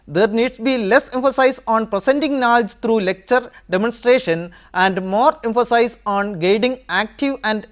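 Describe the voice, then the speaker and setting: A woman giving an educational lecture, going through numbered points in a measured way. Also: a little high, dull audio. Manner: measured, listing points one by one.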